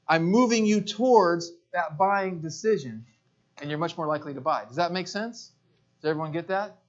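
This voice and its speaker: A man giving a live marketing seminar to a room, energetic, repeating phrases and checking in with "right?". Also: sits high, highs cut off. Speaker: marketing speaker.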